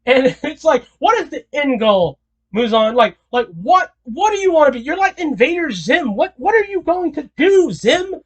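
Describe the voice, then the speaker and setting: A man delivers a casual commentary monologue in an animated, incredulous way. He rambles, restarts his sentences and repeats his questions as he talks. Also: very high voice, moderate pace. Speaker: video creator.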